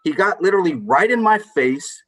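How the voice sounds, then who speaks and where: A man's voice: high voice, lively intonation, moderate pace, fairly bright tone, poor audio. A man hosting a casual chat with friends, telling a story with energy and swearing freely. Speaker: podcast host.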